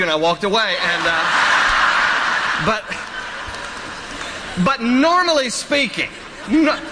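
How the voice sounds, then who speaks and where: A man's voice: sits high, big-room sound, noisy background. A man preaching a sermon as pastor, folksy and joking, often restarting his sentences.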